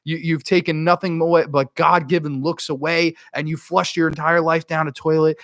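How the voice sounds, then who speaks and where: A man's voice: on the high side, level tone, moderate pace, fairly bright tone, no echo, studio quality. A man voicing a menacing young female camp killer who taunts her victim in a raised, mocking voice. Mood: taunting.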